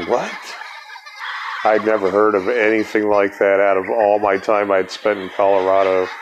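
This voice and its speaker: A man's voice: on the low side, a little hiss or hum, rough recording. A man telling a rambling, profane story as a podcast host, laughing as he talks. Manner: laid-back, profane, laughs through story.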